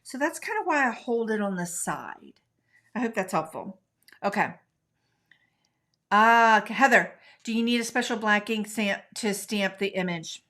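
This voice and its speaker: Woman, middle-aged, american, live craft lesson, chatty, relaxed talk with viewers. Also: medium pitch, a little slow. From United States. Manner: chatty, talks to viewers while coloring. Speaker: craft tutorial host. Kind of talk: live-stream craft demonstration.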